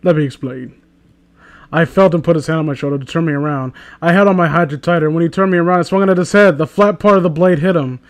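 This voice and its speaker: A man's voice: on the high side, fast talker. A man hosting a comedic reading, casual and crude, with sarcastic, mocking asides. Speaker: host reading fan fiction aloud.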